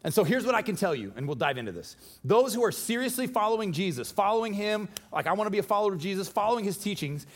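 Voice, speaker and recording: High-voiced, animated male pastor. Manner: animated, joking, conversational preaching. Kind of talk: sermon. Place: church.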